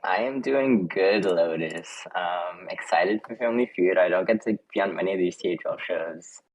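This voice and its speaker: A man chatting on a live-streamed game show in a relaxed, self-amused way. His voice is very deep. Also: moderate pace, slight background noise, low-quality recording. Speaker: player. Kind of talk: casual live-stream chat.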